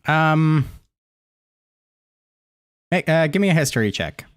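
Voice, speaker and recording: Laid-back guy dming, slow and easy, dry close sound. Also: a little high, dry recording. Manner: relaxed, with fillers and laughs. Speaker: game master. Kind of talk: narrating a tabletop game.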